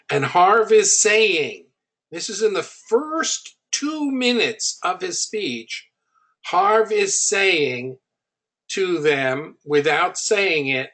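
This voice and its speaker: A man's voice: a little high, expressive, takes it slowly, sharp tone. A man teaching, breaking down a recorded sales speech and mimicking the speaker's lines as he analyzes them. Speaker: marketing instructor.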